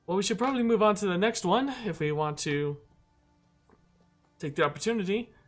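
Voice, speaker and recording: A man's voice: high voice, brisk, soft background music, pitched above the performer's own voice, lightly acted. A man voicing a young woman adventurer who urges the group to press on, raising his voice for her. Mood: eager.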